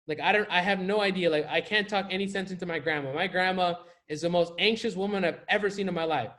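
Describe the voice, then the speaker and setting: A man's voice: high-pitched, fast talker, pushed and bright. A man coaching viewers in a casual motivational talk to camera, emphatic and slangy, often repeating his key phrases for effect. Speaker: life coach.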